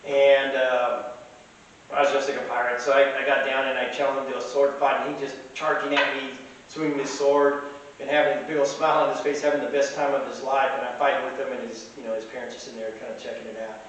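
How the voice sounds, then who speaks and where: A chatty man rambling through anecdotes at an ordinary pitch. His voice sounds echoey and set back from the mic, with a faint hiss underneath. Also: level tone, fast talker, a bit bright, far from the mic. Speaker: storyteller. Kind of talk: casual anecdote telling.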